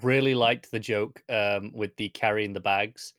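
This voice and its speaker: A man's voice: lowish voice, fairly even intonation, measured pace, fairly bright tone, dry recording, studio quality. Man chiming in dryly on a podcast. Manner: chiming in with short remarks. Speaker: podcast co-host. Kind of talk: casual chat.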